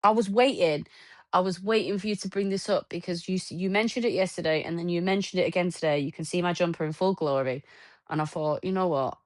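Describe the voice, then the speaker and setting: A woman's voice: lowish voice, fast talker, no room sound. A woman co-hosting a podcast, chiming in with dry, teasing one-liners. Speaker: podcast co-host. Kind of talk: casual chat.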